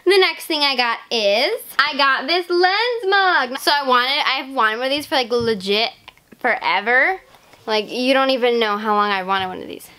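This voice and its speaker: A teenage girl vlogging casually to camera, gushing and excitable, full of "like" and "legit.". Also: high-pitched, normal speed. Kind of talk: casual haul vlog.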